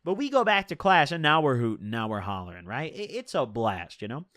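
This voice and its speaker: A man's voice: medium pitch, sing-song, a little fast, a bit bright, no room sound, clean studio sound. A young man vlogger telling a personal story in a casual, slangy, profane, chatty way.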